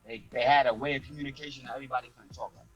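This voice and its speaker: A man's voice: mid-range voice, fairly even intonation, muffled recording, over music. A man with an ordinary mid-range voice talks through his view in a casual chat. He hedges and circles with fillers as he works toward his point. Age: younger than the other speakers. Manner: measured, thinks aloud with many fillers. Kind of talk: casual discussion.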